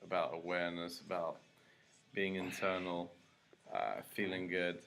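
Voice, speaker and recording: A man from London with a London accent, chatting in an interview, relaxed and a bit hesitant. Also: low voice, measured pace, gravelly, soft background music. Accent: London English. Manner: relaxed, hesitant, many "like" fillers. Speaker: guest. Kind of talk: casual interview chat.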